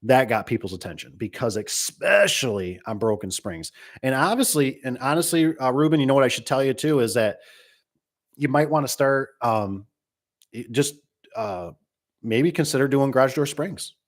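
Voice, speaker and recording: A man's voice: mid-range voice, expressive, moderate pace. A man who runs a garage door business, giving casual, rambling advice and acting out little exchanges with customers. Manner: rambling, folksy, acts out dialogue.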